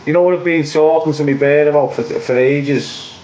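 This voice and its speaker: A man's voice: a little high, normal speed, a little mellow, low-quality recording. A young man with a Liverpool accent, ranting opinions on his online show in a casual, repetitive way, ending lines with "mate". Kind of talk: casual livestream rant.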